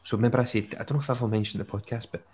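A man's voice: fairly low pitch, fairly even intonation, very fast, darkish tone. A young man, chatting casually and jokily on a podcast. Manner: chatty, jokey, with bursts of laughter. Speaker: podcast co-host. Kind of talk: casual chat.

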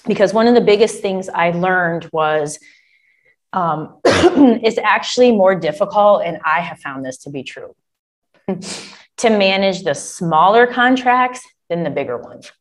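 Woman, contracting coach, lively and talkative, casual y'all delivery. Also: mid-range voice, unhurried. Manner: animated, chatty, addresses listeners as y'all. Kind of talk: coaching talk to an audience. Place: Michigan.

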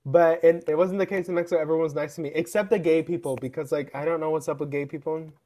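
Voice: mid-range voice, fast. A young adult co-hosting a podcast in casual chat, telling stories with lots of "like" and acting out the people in them. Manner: animated storyteller, acts out quoted people. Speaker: podcast co-host.

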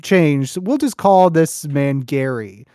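Animated young man telling a story. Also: fairly high pitch, takes it slowly, no echo, clean studio sound. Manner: animated storytelling with lots of restarts. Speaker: podcast host. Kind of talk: casual chat.

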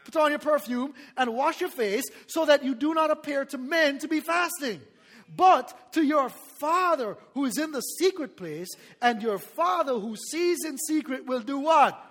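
Male pastor, very high voice, lively sermon delivery, call-and-response. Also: moderate pace, in a large hall. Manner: animated preaching with laughter and call-and-response.

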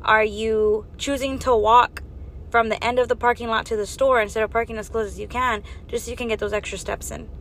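A woman's voice: on the high side, steady tone, brisk, a bit bright, slight background noise. A woman giving an earnest faith and health talk, exhorting her listeners with strings of rhetorical questions. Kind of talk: preaching monologue.

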